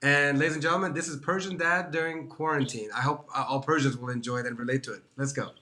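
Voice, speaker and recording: Stammering male interview host, bright tone. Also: a little high, fairly even intonation, fast, a little hiss or hum. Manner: stammering, repeats words as he starts questions. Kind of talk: casual interview chat. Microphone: video call.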